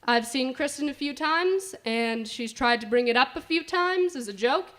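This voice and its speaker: Young woman, slightly high voice, live storytelling, chatty, filler-heavy, indoor event, stage mic. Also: lively intonation, normal speed, fairly bright tone. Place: indoor winery event space.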